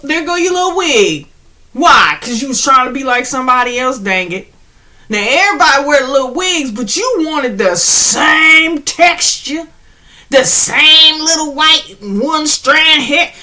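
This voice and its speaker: Woman spiritual vlogger, high bright voice, animated, slangy, preachy and laughing. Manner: preachy, addresses viewers directly. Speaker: spiritual channel host. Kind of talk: casual spiritual pep talk.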